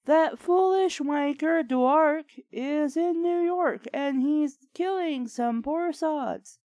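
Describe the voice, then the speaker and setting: A woman's voice: high-pitched, slow pace, a little mellow, no echo, voice pushed up. A woman voicing a fussy, pompous old male butler in a mock-posh exaggerated British voice with theatrical exclamations. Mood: indignant.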